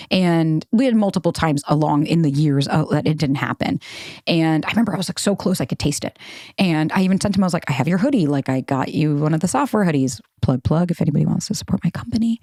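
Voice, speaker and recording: A woman's voice: on the low side, darkish tone, no room sound, studio quality. A woman in her thirties hosting a solo podcast, telling a personal story in a candid, casual way, peppered with "like" and swearing. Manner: candid, casual, swears freely, heavy use of "like". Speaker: podcast host.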